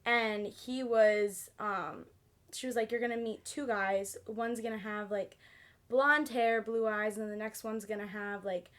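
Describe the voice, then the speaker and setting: A young woman guest on a podcast, telling stories in an animated, bubbly way and acting out the dialogue she quotes. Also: medium pitch, a little slow. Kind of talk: casual storytelling.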